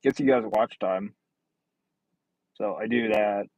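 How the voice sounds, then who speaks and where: Reading comments on a laid-back livestream, a male host rambles in a blunt, sardonic way. His voice sits on the low side, a little mellow, and he takes his time. The recording is low-quality, with no echo.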